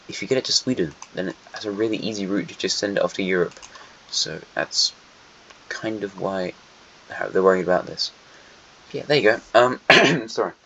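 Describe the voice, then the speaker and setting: Man, casual map commentary, rambling, self-correcting, wry, low-pitched, dull lo-fi recording. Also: a bit bright, a little hiss or hum. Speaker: host. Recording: dull lo-fi sound.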